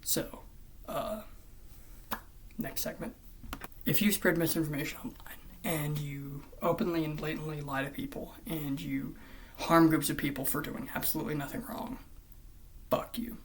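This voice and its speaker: A vlogger ranting in commentary style, swearing often and swinging between loud outbursts and hushed near-whispers. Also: mid-range voice, steady tone, moderate pace, a little hiss or hum.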